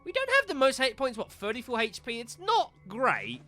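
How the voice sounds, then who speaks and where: Over faint music, a man streams a game live in a very high, pushed, bright voice whose pitch swoops wildly, at a moderate pace. He calls his viewers "folks" and gets exasperated when he misses shots.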